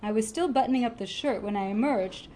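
A woman reading a comic novel aloud in a lively, expressive way. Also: on the high side, a little fast, slight background noise. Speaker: reader.

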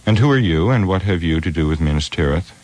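A proud male warrior presses his questions, his deep voice raised slightly above the narration. A man reads him in an audiobook. He sounds hard-pressed yet dignified. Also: animated, fast, darkish tone. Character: proud, doubtful male warrior from a besieged city. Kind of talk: audiobook character reading.

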